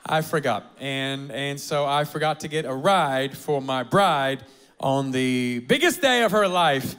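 A man preaching a lively, humorous sermon as pastor in a church auditorium, rallying the congregation. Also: mid-range voice, a little slow, smooth, soft background music. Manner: energetic, humorous, rallies the congregation.

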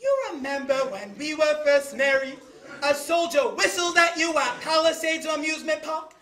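A woman playing a loud, bickering older American caterer on stage, who shouts often. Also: sits high, moderate pace. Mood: bossy reassuring. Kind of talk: stage play acting. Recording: echoey stage room.

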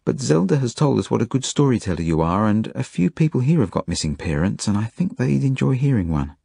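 A man reading an audiobook voices a kind, gentle grown man who cares for orphans, speaking softly and soothingly. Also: mid-range voice, sing-song, brisk, gravelly, husky, dry recording, studio quality, pitched above the performer's own voice, heavily acted.

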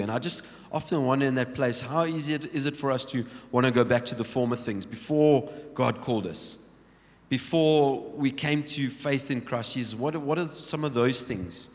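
A man's voice: medium pitch, moderate pace. Man preaching in a reverberant church. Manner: storytelling, acting out Bible scenes, many restarts. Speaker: pastor. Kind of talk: sermon. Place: large church hall. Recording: long church hall reverb.

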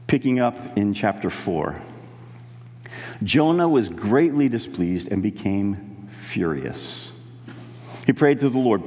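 A man's voice: lowish voice, very animated, a little mellow. Earnest male pastor in an echoing hall. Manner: earnest, conversational preaching with pauses on key words. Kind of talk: sermon.

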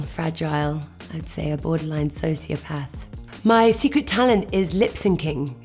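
An English actress in her thirties, answering quick-fire questions at home in a giggly, self-mocking, chatty way. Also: on the low side, darkish tone. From England. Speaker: actress interviewee. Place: at home indoors.

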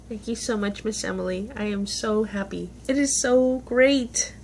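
A woman's voice: mid-range voice, measured pace, hardly any pauses, a little mellow, slight background noise. A woman, chatting casually on a vlog as she opens gifts, gushing, gasping and laughing. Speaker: vlogger. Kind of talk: casual unboxing chat.

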